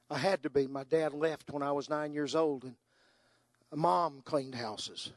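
An older man with a slightly high voice preaches a sermon, shifting from hushed, tender storytelling to soaring, impassioned climaxes. There's no echo on the recording.

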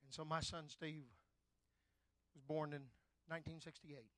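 An older man preaching a sermon, fervent and swelling loud on key phrases. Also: a little high, level tone, measured pace, no room sound. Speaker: pastor.

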